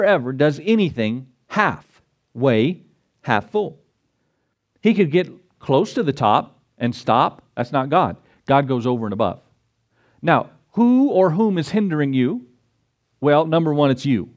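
A middle-aged man preaching a sermon, swinging his pitch up and down and stretching words for emphasis. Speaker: pastor.

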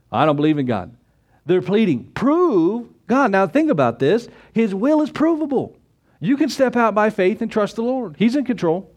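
A man gives a sermon as a pastor, weaving in scripture and rhetorical questions. His delivery swings from loud, emphatic exclamations to low asides spoken as if in conversation.

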